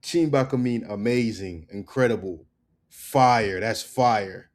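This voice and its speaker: A man giving a casual spoken language lesson, loose and repetitive, tagging "right?" onto his points and drilling words slowly. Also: on the low side, darkish tone. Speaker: language teacher.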